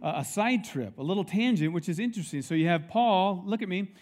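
A middle-aged male pastor preaching a sermon in a church, telling stories with lively acted-out quotes. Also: sits high, brisk. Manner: animated storytelling, acts out quoted people.

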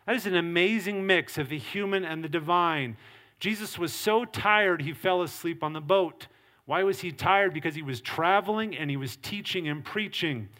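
A man's voice: high voice, normal speed, sharp tone. A middle-aged male pastor preaching a sermon, earnest and emphatic. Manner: earnest preaching with acted quotes and varied emphasis.

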